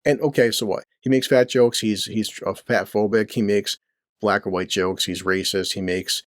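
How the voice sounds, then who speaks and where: A man's voice: fairly low pitch, fairly even intonation, normal speed, no echo, clean studio sound. A middle-aged man hosting his own channel, ranting crudely about the news with rhetorical questions and constant swearing. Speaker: commentary channel host. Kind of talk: profane ranting commentary. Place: home basement near a boiler.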